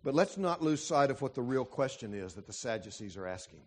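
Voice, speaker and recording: A man preaching a sermon as a pastor, emphatic and full of dramatic pauses. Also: mid-range voice, very animated, breathy edge.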